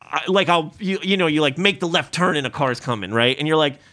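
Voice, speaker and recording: A man's voice: on the high side, fairly quick. A man telling profane stories in casual chat, acting out the people he quotes. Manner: profane, animated storytelling with acted-out quotes. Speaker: podcast co-host.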